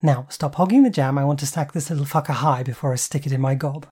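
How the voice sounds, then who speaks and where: A reader putting on Jen, a brash swearing sister. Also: female voice, a bass voice, fast talker, breathy edge. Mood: teasing. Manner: loud, bossy and swearing. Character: brash, foul-mouthed, teasing sister in her tea-room frock.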